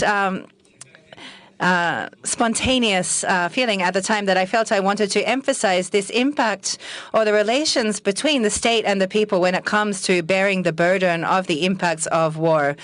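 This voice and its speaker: A woman interpreting consecutively at a press conference, careful and halting, correcting herself as she goes. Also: mid-range voice, a bit bright, no room sound.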